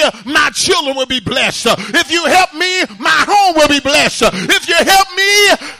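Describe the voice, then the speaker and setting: A man preaching a sermon who moves from quiet teaching into shouted, sung exhortation and calls to the congregation. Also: very high-pitched, dry recording. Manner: fervent call-and-response exhortation.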